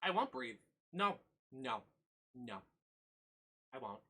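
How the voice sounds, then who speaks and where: A man giving live commentary on a video game, excitable and profane, shrieking when thrilled. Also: mid-range voice, takes it slowly, husky. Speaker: streamer. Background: faint game music.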